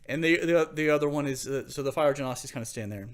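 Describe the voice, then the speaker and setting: A man's voice: a little high, racing. A man running a tabletop game as game master, narrating casually and laughing often.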